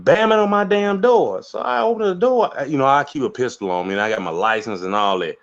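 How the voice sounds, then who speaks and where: A man's voice: mid-range voice, a little fast. A middle-aged man from St. Louis telling a story as a caller. He talks casually, swears often and acts out the quotes. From St. Louis, USA. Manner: animated, profane, acts out quotes. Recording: lo-fi dull audio.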